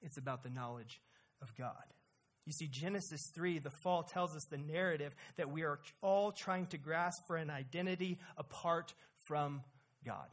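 A preacher giving a sermon with emphasis, asking the listeners rhetorical questions and shifting between quiet and loud delivery. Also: medium pitch, moderate pace, slight background noise.

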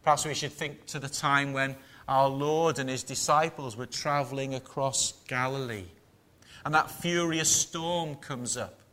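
A man preaching a sermon to his small congregation in a measured, emphatic manner with rhetorical questions. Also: mid-range voice, sharp tone.

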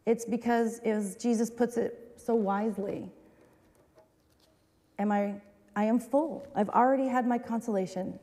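A woman's voice: a little high, fairly even intonation, a little slow, pauses often, mellow. A woman pastor preaching a sermon, talking in a candid, conversational way with self-deprecating asides. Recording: long reverb of a large hall.

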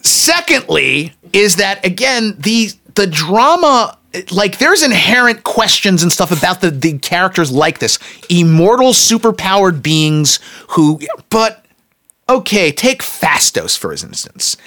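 A man co-hosting a casual movie review chat, animated and acting out characters in quick put-on voices. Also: high voice. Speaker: podcast co-host.

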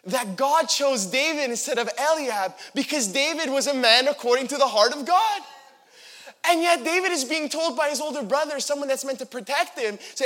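A young man preaching a sermon, animated and acting out the people in the story he reads. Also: very high voice, normal speed. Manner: animated, acts out the figures in quotes.

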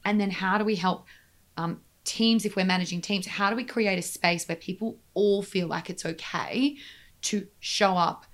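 In a conversational interview, a woman with a mid-range, slightly bright voice speaks earnestly. She gets emphatic and speeds up when driving a point home.

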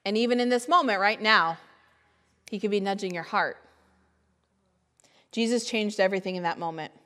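A woman's voice: mid-range voice, normal speed, a bit bright, long reverb tail. A woman guest speaker giving a conversational sermon, full of rhetorical questions and acted-out inner voices. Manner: acts out imagined inner voices.

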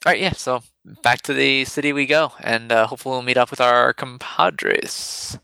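A man's voice: medium pitch, moderate pace, creaky, pushed and bright, clean tone, dry recording. A man playing in a casual tabletop game, rambling eagerly through his questions. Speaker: player.

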